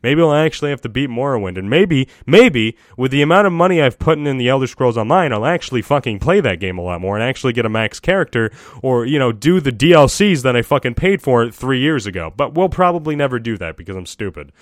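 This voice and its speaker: A man's voice: mid-range voice, fast talker, few pauses, no echo, studio quality. A man talking casually and at length about video games, swearing often and mocking himself. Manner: profane, self-deprecating, excitable. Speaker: gaming vlogger. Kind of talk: casual rambling monologue.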